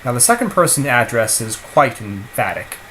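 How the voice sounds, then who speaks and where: A man teaching a video lesson on grammar, explaining in an animated, emphatic way and acting out example sentences. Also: medium pitch, moderate pace, slight background noise, low-quality recording. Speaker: language teacher.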